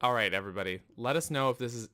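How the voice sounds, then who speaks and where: A man's voice: mid-range voice, rapid-fire, pushed and bright. A man hosting a casual live-streamed podcast over a voice call. He laughs a lot and sounds flustered and apologetic while fixing his audio. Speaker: podcast host. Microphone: computer mic on a voice call.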